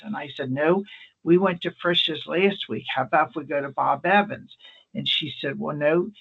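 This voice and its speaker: A man working as an emergency nurse, telling stories in a casual, animated way and acting out the people he quotes. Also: fairly high pitch, vocal fry, slightly rough, narrow, tinny audio. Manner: animated anecdotal delivery, acts out quoted people. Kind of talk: casual storytelling talk.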